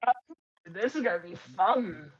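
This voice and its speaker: A woman's voice: on the low side, expressive, unhurried. A woman playing in a tabletop game, chatting in a casual, playful way. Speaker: player. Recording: dull lo-fi mic.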